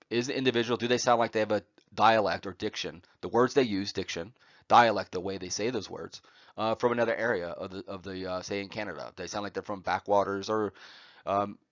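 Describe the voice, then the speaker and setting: Male lecturer, low-ish voice, many "uh"s and "right?" checks, dry dull recording. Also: a bit bright, no echo. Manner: frequent "uh" fillers and tag "right?". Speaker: college lecturer.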